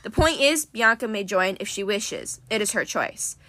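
A woman's voice: mid-range voice, big pitch swings, moderate pace, bright, forceful tone, no echo. A woman voicing a proud young huntress who speaks formally, with old-fashioned words. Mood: stern. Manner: formal, archaic wording.

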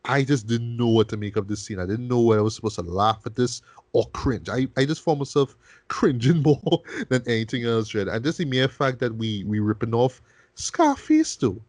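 Animated man in casual film review chat. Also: medium pitch, moderate pace, no room sound. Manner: animated, profane, keeps asking "right?"; restarts and repeats words. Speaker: film review podcast host.

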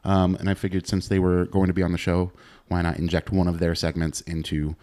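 A young man hosting a podcast with a very low voice. He talks in a laid-back, loose way and drops casual swears. His delivery is easy and unhurried. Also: little pitch movement, a little mellow. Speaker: podcast host.

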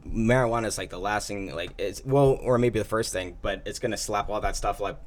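A man's voice: lowish voice, fairly quick. A young man in casual chat, rambling with many fillers and laughing often.

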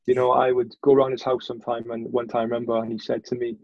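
Gravelly, husky man. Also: mid-range voice, completely flat delivery, no room sound, dull audio. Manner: earnest, halting, with frequent restarts. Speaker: guest. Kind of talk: candid personal storytelling.

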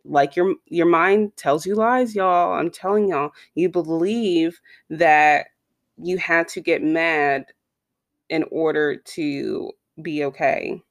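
A woman's voice: sits low, takes it slowly, no echo, clean studio sound. A woman giving a casual motivational talk straight to her listeners, chatty, with frequent asides. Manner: conversational, addresses listeners directly with repeated asides.

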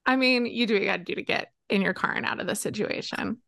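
Gravelly-voiced woman chatting. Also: mid-range voice, fast, a bit bright, no echo, clean studio sound. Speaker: podcast co-host. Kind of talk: casual chat.

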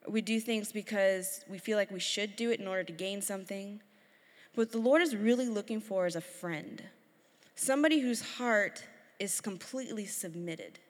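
A woman in her thirties preaching a sermon, telling lively stories and acting out her children's voices. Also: medium pitch, normal speed. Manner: lively storytelling, acts out her kids' voices. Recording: long hall reverb.

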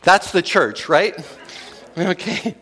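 A man's voice: high-pitched, animated, slow pace, pushed and bright, husky. A man preaching a casual sermon to his congregation, talking conversationally with many fillers and restarts and chuckling at his own jokes. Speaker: pastor.

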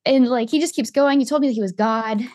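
Young woman, casual storyteller, swears freely, quick delivery. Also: fairly high pitch, dry recording. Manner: animated, swearing, acts out quotes. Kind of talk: casual chat.

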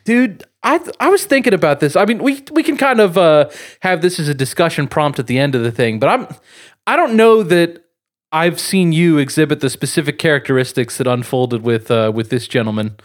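A man's voice: on the high side, lively intonation, a little fast. A man co-hosting a podcast, telling a long story in a rambling way with fillers and chuckles. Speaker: podcast co-host. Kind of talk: casual podcast chat and storytelling.

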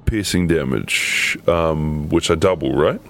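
Slow gravelly man playing a tabletop game. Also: a bass voice, a bit bright. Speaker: player. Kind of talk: casual tabletop game play.

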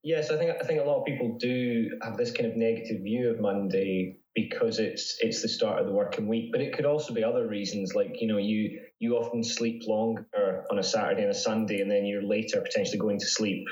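A man's voice: lowish voice, steady tone, fairly quick, hardly any pauses, a little mellow, roomy sound, lo-fi sound. A man speaking as a psychology researcher guest in a casual interview, chatty with frequent restarts. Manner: chatty, with many restarts and laughs.

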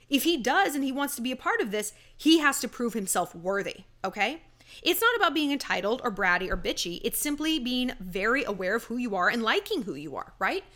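Sassy, animated woman giving dating advice. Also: a little high. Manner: sassy, emphatic, swearing. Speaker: dating advice podcast host. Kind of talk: casual advice monologue.

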